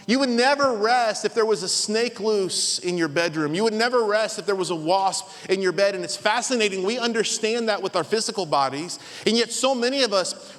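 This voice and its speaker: A man in his thirties preaching a sermon as a pastor, telling a story and acting out the voices in it. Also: sits high. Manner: animated, acts out voices in his stories. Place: large church hall. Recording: long hall reverb.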